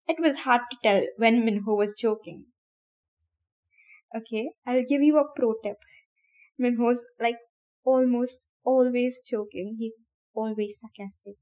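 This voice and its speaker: Her voice somewhat high and a little mellow, a podcast host reads a novel aloud in a relaxed, friendly manner. She keeps stepping out of the story to laugh and offer her own thoughts to listeners, then goes back to reading.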